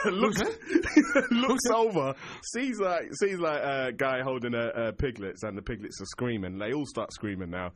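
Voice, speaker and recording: A man tells a comic story in a casual chat, acting out the voices of the people in it. His pitch swings widely as he talks. He often breaks into laughter mid-sentence. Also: wildly swooping pitch, a little slow, hardly any pauses. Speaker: guest telling a story. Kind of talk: casual anecdote.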